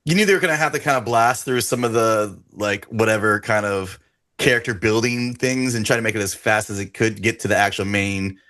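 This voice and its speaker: A man's voice: fairly low pitch, a little fast, sharp tone. A man co-hosting a horror podcast in casual chat, rambling with restarts and sarcastic asides. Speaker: podcast co-host.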